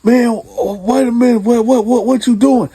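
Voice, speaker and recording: A male inmate with a whiny, high-pitched voice, as a man puts him on. He pleads and makes excuses, with a husky edge to the sound. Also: fairly even intonation, normal speed, warm tone, exaggerated voice. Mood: startled.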